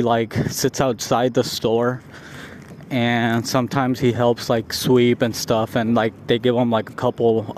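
A man's voice: mid-range voice, a little mellow, a little hiss or hum. A man talking casually into his phone outdoors by a store, rambling and filling his speech with "like", laughing at himself now and then. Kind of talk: casual vlog monologue. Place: outdoors near a store and on the street.

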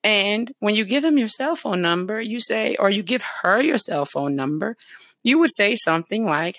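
A woman's voice: medium pitch, animated, moderate pace, a bit bright, dry recording, clean studio sound. A woman hosting a talk show, chatting casually about dating and acting out sample conversations. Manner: chatty, acts out sample dialogue. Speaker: host giving dating advice.

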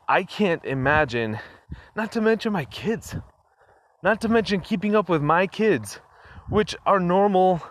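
A man with a slightly high, somewhat bright voice records a casual solo podcast on his phone, with no room sound. He keeps going off on tangents, chuckling frequently and leaning on fillers.

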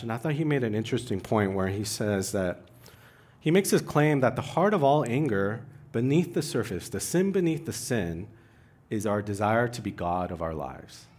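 A young adult man preaching a sermon in an animated way, his voice climbing for emphasis and mixing in self-deprecating asides. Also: medium pitch. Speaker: pastor.

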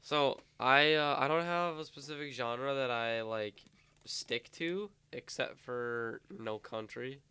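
A man's voice: medium pitch, slow, bright, forceful tone, smooth, no room sound. A young man in casual chat with friends, joking, teasing and laughing often. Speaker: friend answering questions.

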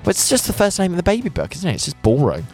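A man's voice: high voice, huge pitch swings, very fast, darkish tone, soft background music. A young man hosting a radio show, rambling through self-mocking anecdotes in a chatty studio style.

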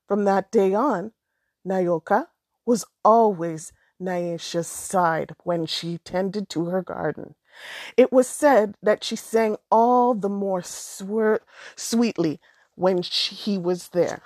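A woman narrating a storybook aloud in a measured, expressive way. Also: mid-range voice, dry recording.

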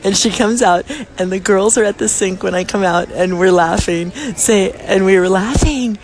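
A woman hosting her own podcast, telling an anecdote in a casual, animated way and laughing often, recorded in a busy airport. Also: medium pitch, normal speed. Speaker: podcast host. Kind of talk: casual storytelling monologue.

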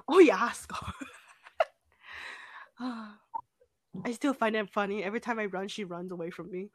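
A young woman chatting casually and giggling, acting out stories with high shrieks. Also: slow pace, pauses often, no room sound, clean studio sound. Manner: giggly, acts out quotes with shrieks. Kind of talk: casual chat.

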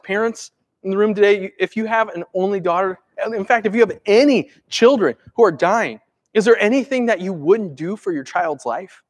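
Pastor, male, high voice, chatty sermon full of rhetorical questions. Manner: conversational, asks the congregation rhetorical questions; acts out everyday inner voices.

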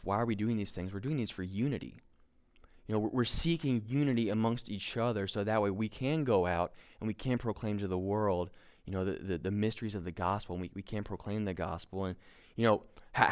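A man's voice: on the low side, smooth. A young man giving a casual sermon, conversational and self-deprecating, with lots of fillers and restarts. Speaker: preacher.

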